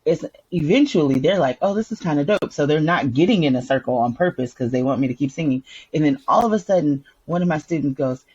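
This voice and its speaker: A woman co-hosting a podcast in casual chat, an animated storyteller who laughs often and breaks into song. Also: low-pitched, fast, hardly any pauses, husky, muffled recording. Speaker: podcast co-host.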